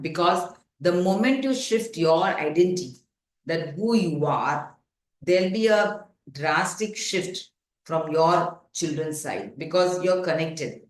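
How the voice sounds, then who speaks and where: A woman's voice: low-pitched, lively intonation, measured pace. A woman parenting coach leading a workshop, talking in an earnest, instructive way with many fillers, self-corrections and questions like "got it?". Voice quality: frequent fillers and self-corrections, rhetorical check-ins. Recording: echoey room.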